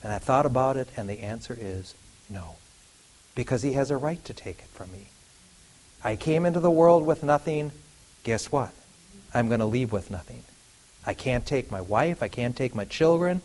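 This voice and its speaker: A middle-aged man preaching to a congregation, emphatic, swinging from loud declarations to quiet asides and asking the room rhetorical questions. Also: mid-range voice, lively intonation, normal speed, rough recording. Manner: asks the audience rhetorical questions. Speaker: lay preacher addressing a congregation. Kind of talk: sermon.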